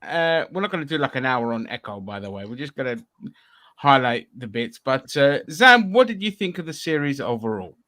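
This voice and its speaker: A man's voice: mid-range voice, sing-song, a little fast, bright, forceful tone. A man hosting a casual podcast chat, loose and sweary, with lots of restarts and fillers. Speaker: podcast host.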